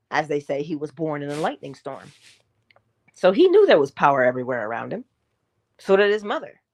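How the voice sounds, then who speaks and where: A woman giving a motivational morning talk, animated and emphatic, asking her listeners rhetorical questions and dropping into hushed asides. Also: deep voice. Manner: animated and emphatic, swinging between loud bursts and hushed asides; preacherly, speaks straight to listeners with rhetorical questions. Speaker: inspirational speaker.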